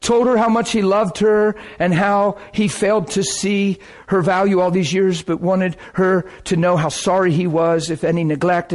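A male pastor telling stories in a sermon, animated, acting out the people he quotes and breaking into high cries when excited. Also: normal speed, hardly any pauses. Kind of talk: sermon storytelling.

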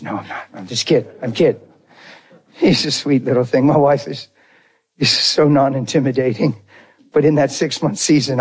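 A man preaching a sermon, telling a personal story with deep emotion and speaking unrehearsed, calling out to his congregation. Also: a little mellow, breathy edge. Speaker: pastor.

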